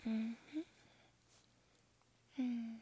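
Slow, whispering woman in a whispered role-play. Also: a little high, flat delivery, a little hiss or hum. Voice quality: breathy whisper. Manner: intimate, soft and lingering with murmured hums. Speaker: girlfriend in an audio role-play.

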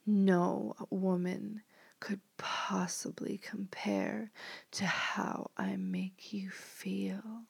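Whispered role-play: woman, dominant hypnotist, very slow and breathy, steady and flat. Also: medium pitch, dry recording.

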